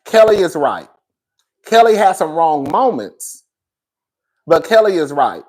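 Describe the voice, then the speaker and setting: A man's voice: a little high, sing-song, a little slow, darkish tone. A man giving a casual, opinionated review of a reality show, sassy and blunt, calling his viewers girl and baby. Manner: blunt, swears freely. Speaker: reality TV commentator.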